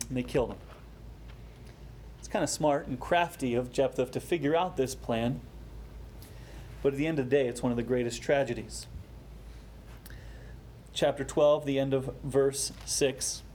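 A man preaching a sermon, explaining a scripture passage with rising emphasis and quieter, slower asides. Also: medium pitch, fairly even intonation, a little hiss or hum. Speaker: pastor.

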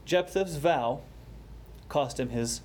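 A man preaching a sermon, explaining a scripture passage with rising emphasis and quieter, slower asides. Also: fairly high pitch, a little hiss or hum. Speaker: pastor.

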